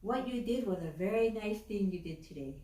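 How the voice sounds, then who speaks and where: Woman playing a calm wise old teacher, reassuring, echoey church from a distance. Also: mid-range voice, fairly quick, lightly acted. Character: calm, wise old male religious founder.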